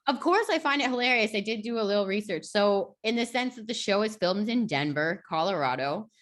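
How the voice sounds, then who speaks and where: A woman's voice: medium pitch, expressive, brisk, a bit bright. A woman speaking candidly and bluntly as a podcast guest in casual chat, swearing casually.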